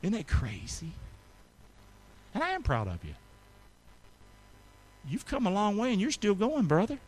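A middle-aged male pastor preaching a sermon to his congregation, calling for responses and swinging between loud peaks and soft asides. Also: high voice, wildly swooping pitch, a little slow. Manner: call-and-response preaching, rising to shouts then dropping soft. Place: church sanctuary with congregation.

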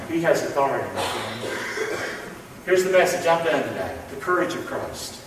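Male pastor, high voice, call-and-response sermon, distant and roomy, reverberant sanctuary. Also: slight background noise. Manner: call-and-response preaching, swings from loud to hushed. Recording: echoey hall from far off.

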